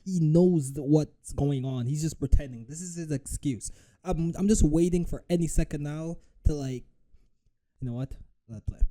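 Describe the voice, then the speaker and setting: Dark-voiced cursing reaction streamer man. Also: fairly high pitch, normal speed. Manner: profane, animated, mocks with impressions. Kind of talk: live reaction commentary.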